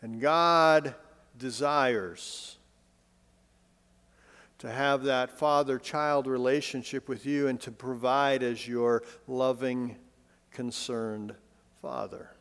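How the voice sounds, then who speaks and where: A male pastor giving a sermon in a conversational way with light humor, swinging between emphatic lines and hushed, soft ones. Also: medium pitch, fairly even intonation, takes it slowly, long pauses, clear, resonant tone. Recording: long reverb, as in a hall.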